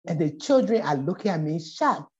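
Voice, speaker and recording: A woman's voice: fairly low pitch, moderate pace. A middle-aged woman from Liberia with a Liberian accent, a poet telling a story as a guest in a conversation and acting out the voices in it. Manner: animated, acts out voices in her stories. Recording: dull lo-fi audio.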